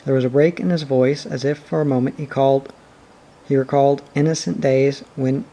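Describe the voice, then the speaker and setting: A man reading a storybook aloud as narrator, measured and expressive. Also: medium pitch, creaky.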